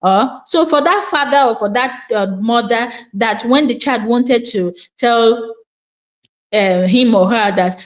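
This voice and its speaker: A middle-aged woman educator talks parents through child-rearing in an earnest, explanatory way. Her voice sits slightly high. Now and then she acts out a parent-child exchange to make her point. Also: unhurried. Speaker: Montessori educator and parenting guest. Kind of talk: earnest advice talk.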